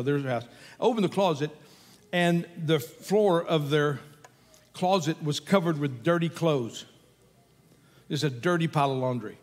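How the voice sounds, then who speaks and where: High-voiced older pastor in a reverberant hall. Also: male voice. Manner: conversational, folksy, animated storytelling with chuckles. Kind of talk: sermon.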